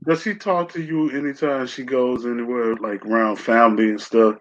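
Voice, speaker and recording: A man's voice: medium pitch, fairly even intonation, moderate pace, lo-fi sound, slight background noise. A man co-hosting a podcast in casual chat, reacting with laughs and teasing questions. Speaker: podcast co-host.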